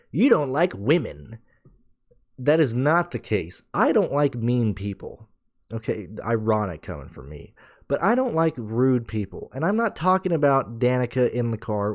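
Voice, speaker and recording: A man hosting a casual podcast, ranting in a blunt, profane, animated way. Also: medium pitch. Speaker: podcast host.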